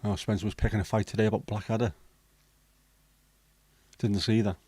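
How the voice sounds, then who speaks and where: A man's voice: lowish voice, little pitch movement, a little fast, mellow, dry recording. A middle-aged man hosting a casual livestream chat, reading out viewer comments and answering them bluntly, swearing freely. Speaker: livestream host.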